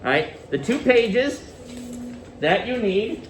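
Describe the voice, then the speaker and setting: A male teacher leading a classroom lesson, animated and questioning his students. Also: high-pitched, slow pace, echoey room, distant mic, a little hiss or hum, poor audio.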